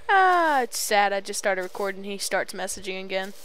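A woman's voice: medium pitch, fairly bright tone, low-quality recording. A young woman chatting casually over a voice call while playing a game, teasing her friend and taunting enemies on screen. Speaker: gamer recording a let's play.

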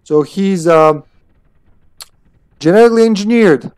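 Over game music, a man livestreams a game, commenting casually and laid-back while swearing and laughing. His voice sits high, with a darkish, smooth tone and an unhurried pace, with no echo.

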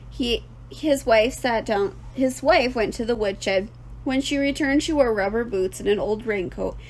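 A woman teacher reading a children's book aloud with clear, expressive storytelling. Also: on the high side.

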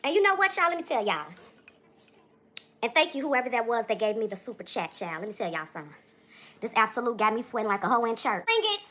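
A woman livestreamer talking to her chat in a theatrical, sassy way, full of drawn-out exclamations. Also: fairly high pitch, big pitch swings, bright, forceful tone.

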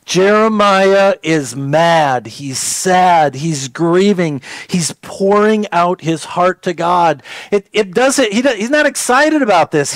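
A man preaches in a casual, talk-to-the-folks way, often repeating words as he goes. His voice sits high for a man. The sound is dry and close, with no room ring. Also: dry recording. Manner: slows down to read scripture aloud. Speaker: pastor. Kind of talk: sermon.

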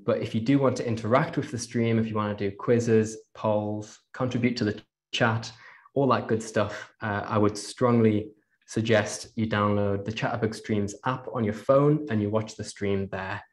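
Chatty man with a slight Geordie accent. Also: on the low side. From England. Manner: chatty, greets the chat with fillers. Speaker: presenter. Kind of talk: live online talk.

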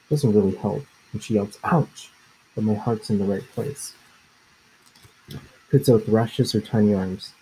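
A man reads a children's story aloud in the first person, measured and unhurried. His voice is low, gravelly and very dark. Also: a little hiss or hum, low-quality recording. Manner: measured and plain. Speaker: audiobook narrator.

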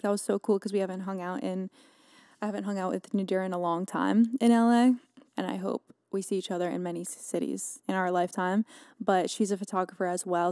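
A young woman hosting her own podcast, telling a story in a loose, chatty way. She is dramatic and leans on fillers. Her voice sits at a middle pitch and is recorded close and dry, with no room sound. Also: darkish tone, dry recording. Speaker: podcast host. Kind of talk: casual solo podcast recap.

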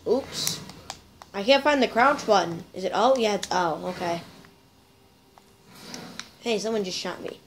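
A woman's voice: mid-range voice, animated, a little slow, pauses often, a little hiss or hum, rough recording. A woman hosting a gameplay video, chatting playfully to her viewers as she plays. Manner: chatty, playful, talks to viewers while playing. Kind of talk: casual gameplay commentary.

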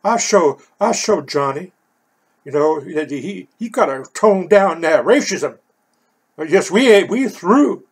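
Man doing a sulky, teasing girlfriend in a husky voice. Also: a little high, animated, unhurried. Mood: huffy teasing. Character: annoyed young woman scolding her boyfriend.

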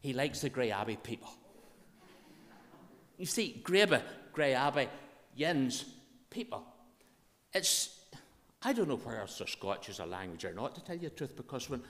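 A man's voice: mid-range voice, big pitch swings, brisk, a bit bright. A man with a Northern Irish accent, a minister leading prayer and preaching a sermon in an earnest, conversational way. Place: church. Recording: reverberant church hall sound.

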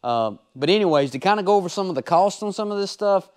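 A man's voice: high-pitched, expressive, fast, darkish tone. A man, a race car driver giving laid-back, folksy voice-over commentary on his own race footage.

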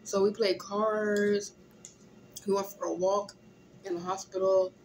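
A groggy, tired young woman, casually chatting in a vlog from a hospital room, often clearing her throat. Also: medium pitch, little pitch movement, measured pace, darkish tone, slight background noise. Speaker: vlogger. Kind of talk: casual vlog chat while eating.

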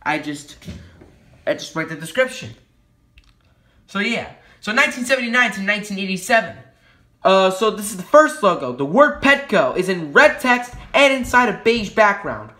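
A man with a bright, animated voice that swings widely in pitch, running a casual logo history commentary. He jokes around and corrects himself with quick apologies. The sound is roomy, with a clear echo around him. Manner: playful and jokey, self-correcting with quick apologies. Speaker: YouTube logo history host.

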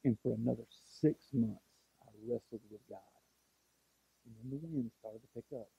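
A man's voice: mid-range voice, normal speed, vocal fry, long pauses, dark tone, breathy edge, no echo, dull audio. A pastor in his forties preaching a sermon as a story, with emphatic rises and frequent restarts. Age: 40s.

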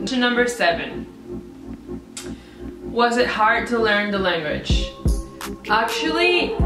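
A chatty young woman from Venezuela vlogs to camera with a lowish voice, telling casual stories full of "like" fillers and animated quoted reactions. The room echoes, the mic sits at a distance, and music plays behind her.

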